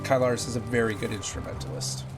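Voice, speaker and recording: A man's voice: mid-range voice, steady tone, quick pace. Guy on a headset chatting with his stream while playing, music going behind. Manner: chatty, jokey, talks to chat while playing. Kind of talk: casual gameplay chat with viewers. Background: game music.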